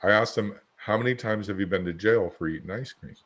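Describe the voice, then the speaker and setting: A man's voice: on the low side, fairly quick, a bit bright. A man co-hosting a podcast, rambling through casual anecdotes and examples in a chatty conversational way. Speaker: podcast co-host.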